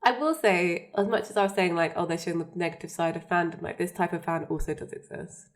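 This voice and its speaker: A young woman co-hosts a podcast, chatting casually and recapping scenes while laughing often. Her voice is fairly low with fairly even intonation, and she talks quickly.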